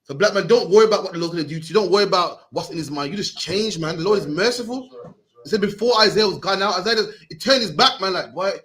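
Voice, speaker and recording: A man runs a Bible lesson at a rapid clip. His voice sits high for a man, and his street-style delivery keeps pushing the reading forward. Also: fairly bright tone. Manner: fast, slangy, peppers lines with "man" and urges readers on. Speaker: Bible class teacher.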